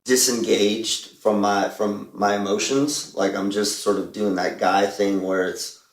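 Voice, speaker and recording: A man's voice: on the low side, steady tone, a little slow, echoey room. A man co-hosting a radio show, talking openly and reflectively in casual chat. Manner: reflective, open about his feelings. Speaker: radio co-host.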